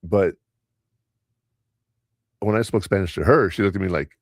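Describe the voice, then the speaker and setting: A middle-aged man hosting a podcast, telling family stories in a rambling, animated way. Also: sits low, moderate pace, gravelly, long pauses, no room sound, studio quality. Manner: rambling, animated storyteller who mimics voices. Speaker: podcast host. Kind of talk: casual storytelling chat.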